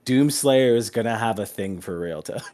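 A man acting as game master in a casual tabletop game session, relaxed and quick to laugh. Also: fairly low pitch. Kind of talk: running a tabletop game over voice chat.

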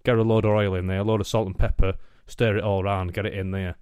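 A young Northern English man with a low, heavy voice trades blunt, sweary banter in broad dialect. The room is dry and close, with no echo at all. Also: level tone, quick pace, darkish tone, clear, resonant tone. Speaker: podcast co-host. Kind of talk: casual chat.

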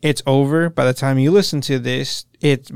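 Young man, podcast co-host, swears a lot, smooth clear voice, dry close sound. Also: medium pitch, normal speed, dry recording. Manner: profane, animated retelling with quoted voices. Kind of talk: casual chat recapping a show.

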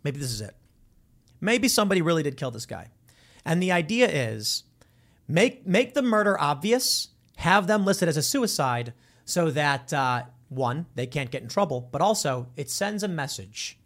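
Man, commentary host, lively swooping pitch, a bit high, storytelling monologue. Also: moderate pace. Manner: animated storytelling, acts out quoted voices.

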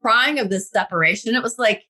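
A woman in her thirties, a guest telling a personal spiritual story in an animated, casual way. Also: on the high side, a little fast, slightly rough.

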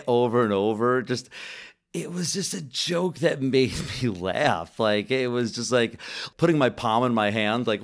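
A young man co-hosting a casual film review podcast, talking in an animated way, swearing casually and stumbling over his words. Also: medium pitch, moderate pace. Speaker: podcast co-host.

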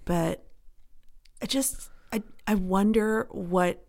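A woman's voice: medium pitch, slow pace, vocal fry, darkish tone. A woman co-hosting a book podcast, speaking emphatically and earnestly in casual chat, with blunt asides.

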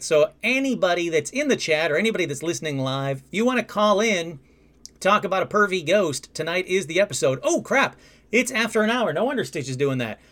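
A man hosting a live call-in show, chatting casually in a rambling, jokey, excitable way. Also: high voice. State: out of breath. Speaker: radio call-in show host.

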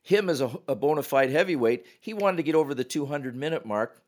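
Older man, podcast guest, animated anecdotal storyteller with punchy quoted lines. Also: a little high, fairly quick. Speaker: retired hockey referee, guest. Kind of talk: casual storytelling.

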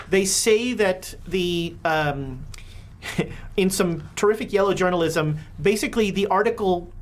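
Relaxed woman game master. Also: fairly low pitch, slight background noise. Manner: relaxed, hesitant with fillers. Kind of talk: narrating a tabletop horror game.

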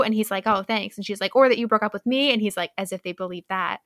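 Bright-voiced giggly woman podcaster. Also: medium pitch, quick pace, dry recording, studio quality. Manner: giggly, swears casually, acts out characters' lines. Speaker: podcast co-host. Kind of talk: casual book recap chat.

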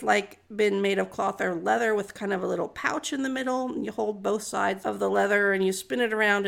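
A woman's voice: medium pitch, creaky. A woman retelling a story in a chatty, jokey, slangy way.

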